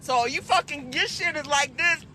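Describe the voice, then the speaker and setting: A woman vlogger telling a story casually, loud and profane, often breaking into laughter. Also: high voice, moderate pace, a little hiss or hum. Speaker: trucking vlogger.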